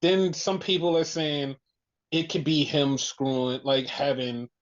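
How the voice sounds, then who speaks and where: A podcast host retelling a wrestling show in casual chat, animated and full of fillers. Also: mid-range voice, unhurried. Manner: animated storytelling, heavy use of "like". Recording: muffled lo-fi audio.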